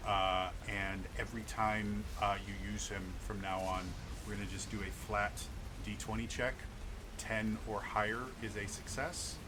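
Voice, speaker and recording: Game master, male, halting delivery with frequent stammers, clear background hiss. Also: lowish voice, little pitch movement. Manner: halting, many repeated words and stammers. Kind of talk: narrating a tabletop game. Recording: noisy home mic.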